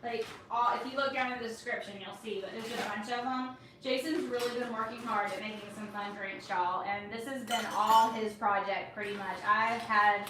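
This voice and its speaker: A woman's voice: on the high side, fairly even intonation, normal speed, few pauses. A woman with a Southern US accent, from Georgia, co-hosting a casual cocktail livestream at home in a folksy, chatty way. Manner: chatty, folksy, says y'all often. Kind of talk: casual chat. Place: home bar area. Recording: echoey room, distant mic, noisy.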